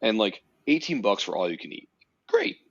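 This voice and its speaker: A man with a fairly low voice hosts a casual podcast, telling an animated story and swearing freely. The sound is dull and lo-fi, dry with no room around it. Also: normal speed, husky, dry recording. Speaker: podcast host.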